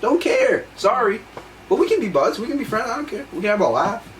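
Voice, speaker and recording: A man's voice: sits high, very animated, fairly quick. A young man co-hosting a podcast, giving blunt, profane motivational talk. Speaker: podcast co-host. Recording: echoey room, distant mic, faint noise.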